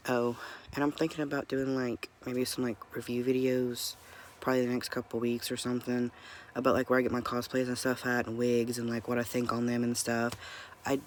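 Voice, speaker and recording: A man hosting a reaction video at home, groggy and half awake with a croaky morning voice, rambling apologetically while keeping his voice down to avoid waking someone. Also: mid-range voice, slight background noise. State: groggy, just woken up. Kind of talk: casual chat. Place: home room. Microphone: earphones mic.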